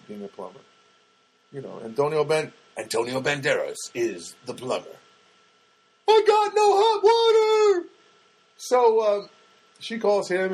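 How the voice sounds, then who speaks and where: A man's voice: fairly high pitch, slightly rough, rough recording. A man, a comedian, telling a wry, rambling anecdote with many asides and acted-out dialogue. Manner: digressive, wry, full of restarts and acted-out quotes.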